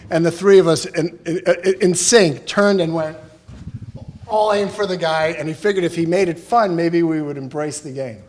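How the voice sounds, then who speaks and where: Middle-aged man, slightly higher voice, eulogy at a chapel, fond funny anecdotes, podium mic. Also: normal speed. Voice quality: warm storytelling, chuckles through stories. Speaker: son giving a eulogy. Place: funeral chapel.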